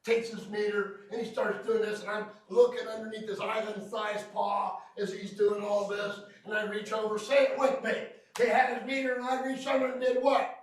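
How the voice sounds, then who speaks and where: Male trainer, very high voice, joking storyteller who quizzes his class; recorded far off in a very echoey room. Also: little pitch movement, normal speed, hardly any pauses, slight background noise. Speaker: field service trainer. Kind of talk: hands-on technical training class.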